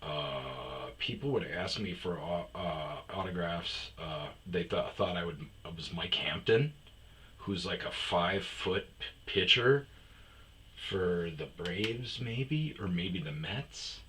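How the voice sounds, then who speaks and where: A man hosting a podcast, telling personal stories in a casual, rambling way, with frequent "uh"s and restarts, switching to a higher voice to mimic other people. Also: slow pace, fairly bright tone, slight background noise, poor audio. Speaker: podcast host.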